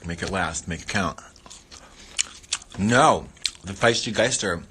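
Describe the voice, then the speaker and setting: A man's voice: low-pitched, slow, bright, forceful tone, a little hiss or hum. A man hosting a casual livestream, chatting playfully while he eats and rambling between muttered catchphrases. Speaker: livestream host.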